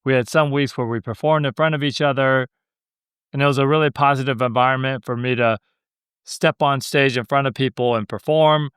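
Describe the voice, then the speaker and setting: A man's voice: medium pitch, steady tone, a little fast, fairly bright tone, smooth, dry recording, clean studio sound. A young man hosting a podcast, telling stories in a laid-back, joking way. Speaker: podcast host. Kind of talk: casual storytelling monologue.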